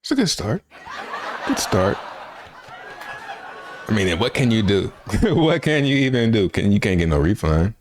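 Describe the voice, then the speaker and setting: A man's voice: fairly low pitch, big pitch swings, measured pace, pauses often, a little hiss or hum. A man hosting a reaction video, talking in a casual, slangy way and laughing often as he jokes. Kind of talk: casual commentary.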